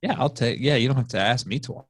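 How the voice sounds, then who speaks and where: A man, a high school football coach, talking bluntly and swearing freely as a podcast guest over a remote call. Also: fast, husky, dry recording. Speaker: football offensive coordinator, guest. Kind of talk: casual podcast chat.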